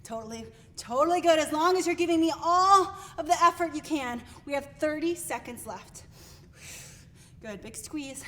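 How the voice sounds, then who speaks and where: Winded female fitness instructor with a high voice, upbeat and encouraging, counts down the reps. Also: lively intonation, moderate pace, background noise. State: out of breath. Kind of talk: live workout coaching.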